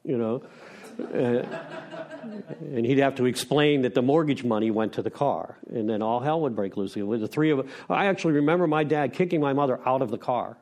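A man's voice: mid-range voice, moderate pace, a little mellow. Frank, wry middle-aged man sharing. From Pennsylvania. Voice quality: rambling, with restarts and self-deprecating laughs. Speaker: recovery meeting speaker. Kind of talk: candid personal share.

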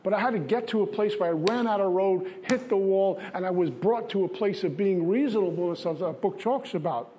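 A man's voice: high-pitched, fairly quick, few pauses, dark tone, a little hiss or hum. A man from Brooklyn, giving an earnest, confessional recovery testimony in a repetitive style. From Brooklyn, New York. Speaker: recovery speaker.

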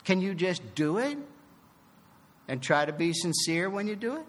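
Man, recovery meeting speaker, bright tone, slow and deliberate, long hall reverb. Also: high voice. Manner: animated storytelling, acting out both sides of dialogue; emphatic, swings from loud to soft. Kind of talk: personal recovery testimony.

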